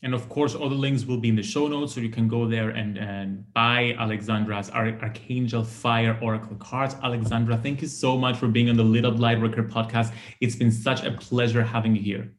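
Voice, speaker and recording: A man's voice: mid-range voice, flat delivery, fairly quick, hardly any pauses. A man hosting a podcast interview, talking in an enthusiastic, effusive way. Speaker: podcast host. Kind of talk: casual interview chat.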